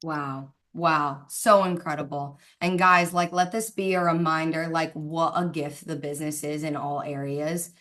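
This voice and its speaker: A woman's voice: low voice, fairly even intonation, fairly bright tone. Fervent woman preaching on a video call. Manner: fervent, preachy, speeds up and slows down for emphasis. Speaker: team leader hosting a Zoom call. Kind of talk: faith-filled motivational talk.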